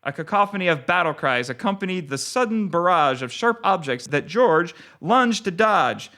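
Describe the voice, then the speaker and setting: Author reading his book aloud, fairly high male voice, lively intonation. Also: moderate pace, a little hiss or hum. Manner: expressive reading, relaxed when chatting. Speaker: author and guest. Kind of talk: reading his novel aloud, then casual chat.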